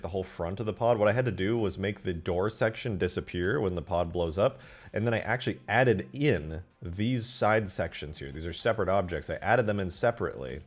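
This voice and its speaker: A man commentating his game modding on a live stream, excitable and foul-mouthed, swinging into loud outbursts. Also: lowish voice. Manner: excitable, swears a lot, flares into loud outbursts.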